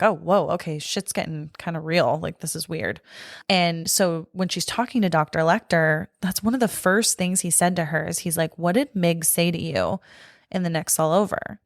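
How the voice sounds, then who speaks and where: A woman's voice: fairly low pitch, no echo, studio quality. A young adult woman co-hosting a podcast, talking casually about a movie with lots of filler likes and the odd swear word. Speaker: podcast co-host. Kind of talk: casual film chat.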